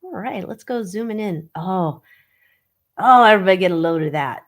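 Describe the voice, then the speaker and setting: A woman's voice: mid-range voice, lively intonation, normal speed. Sarcastic gossiping woman on webcam. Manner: sarcastic, mocking, gossipy with big exclamations. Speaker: livestream host reading tarot on tabloid stories. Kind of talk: casual gossip livestream chat.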